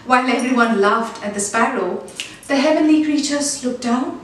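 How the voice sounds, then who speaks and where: A woman narrating a fable and an appeal in an earnest, measured storytelling way. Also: sits high, slight background noise. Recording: very echoey, distant, with faint music.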